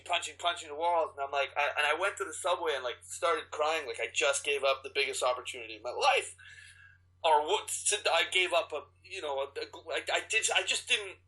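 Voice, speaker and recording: A man with a bright, forceful voice sitting slightly high for a man, a guest actor in a casual interview. He tells his stories with animated energy and restarts, acting out his own quotes as he goes. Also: a little fast, poor audio. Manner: animated storyteller, acts out quotes, many restarts.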